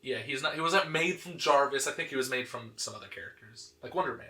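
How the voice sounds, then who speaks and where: An animated man tells a comic story to a friend in loose, casual chat, dotted with fillers and laughter. His voice is bright and forceful, sitting at an ordinary pitch for a man. The recording rings with noticeable room echo. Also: quick pace. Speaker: podcast host. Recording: echoey room.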